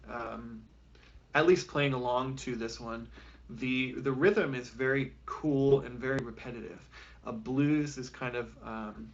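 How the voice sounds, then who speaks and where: A man leads a beginner flute class over a live stream, speaking in a relaxed, encouraging way with lots of "um" and "okay". His voice sits in a middle pitch, and the audio is a little dull and lo-fi. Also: slight background noise. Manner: casual, encouraging, with frequent fillers. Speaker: music teacher. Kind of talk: live online music lesson.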